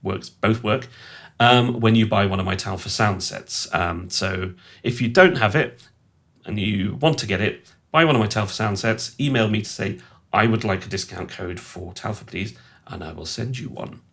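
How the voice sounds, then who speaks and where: A man's voice: fairly low pitch, normal speed, creaky, a bit bright. A man, a sound designer, gives a casual, rambling and self-mocking walkthrough of his synth patches.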